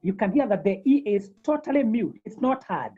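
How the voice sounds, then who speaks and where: A woman teaching a beginners' French class over a video call, slowly repeating each term several times. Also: mid-range voice, expressive, dark tone, breathy edge, muffled recording. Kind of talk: online language lesson.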